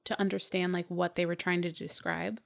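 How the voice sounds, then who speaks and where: Easygoing young woman, slight vocal fry. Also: on the low side, flat delivery, brisk. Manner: easygoing, lots of agreeing murmurs. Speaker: podcast co-host. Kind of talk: casual chat.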